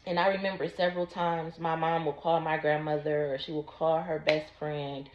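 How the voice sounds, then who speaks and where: Woman vlogging her own story, low-ish voice, slow and careful, roomy muffled audio. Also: level tone, background noise. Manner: slow, deliberate recounting. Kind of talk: personal storytelling. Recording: roomy, dull lo-fi sound.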